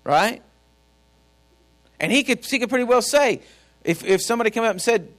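A man's voice: high voice, expressive, fairly quick, pauses often, a bit bright. A man preaching a sermon as a pastor, folksy and storytelling, speaking directly to his congregation. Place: church.

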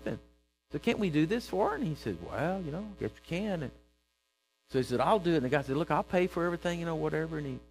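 A man preaching with a story, his voice a little high and swinging widely as he acts out each character. He bursts into loud emphasis at key moments. Soft music plays faintly beneath him. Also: rough recording. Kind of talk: sermon with storytelling.

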